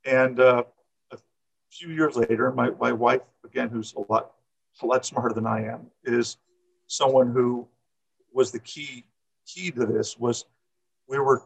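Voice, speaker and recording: A man's voice: mid-range voice, gravelly, slightly rough, poor audio. A middle-aged man who coaches, telling a personal story in an interview, rambling and repeating words with many fillers.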